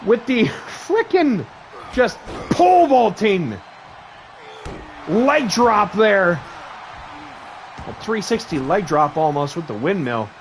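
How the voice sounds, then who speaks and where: A man's voice: sits high, sing-song, slow pace, long pauses, slight background noise. A man calling a wrestling match play-by-play, firing off moves in short bursts and thanking his stream's viewers between spots. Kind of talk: excitable play-by-play commentary.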